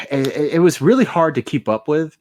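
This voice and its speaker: Profane animated man, dry close mic. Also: on the high side, normal speed, no echo. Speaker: podcast host and moderator. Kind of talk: casual podcast chat.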